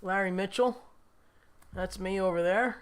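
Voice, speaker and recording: A man's voice: high voice, unhurried, clear, resonant tone. A man hosting a live stream in a casual chat, reading viewer comments aloud and laughing often. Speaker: livestream host.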